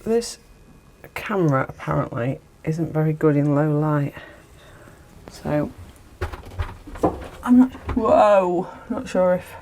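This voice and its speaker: A mellow, low voice with lively intonation, she takes it slowly with long pauses. The woman, in her 40s, vlogs solo during a caravan renovation on a windy day, rambling, self-deprecating and losing her train of thought as she films herself on a stabilized camera that's sometimes distant. The small interior is echoey, with faint wind noise.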